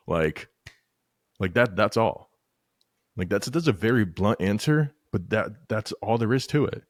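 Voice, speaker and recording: A man's voice: lowish voice, measured pace, no room sound, clean studio sound. A man hosting a casual podcast, telling stories bluntly with plenty of swearing. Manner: blunt, swears freely, animated storytelling. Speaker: podcast host.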